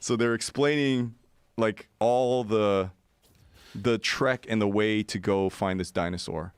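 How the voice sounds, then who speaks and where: A man's voice: on the low side, slow, smooth, no echo. A man in his forties telling a long adventure story, acting out other people's voices with lots of fillers. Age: 40s. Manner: acts out voices in quotes, many fillers. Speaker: podcast guest. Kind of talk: animated storytelling.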